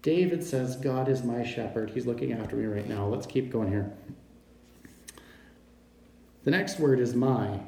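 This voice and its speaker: A man preaching a sermon, slow and emphatic, stressing each pronoun as he reads scripture. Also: mid-range voice, vocal fry, dark tone, a little hiss or hum. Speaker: pastor. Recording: very echoey room.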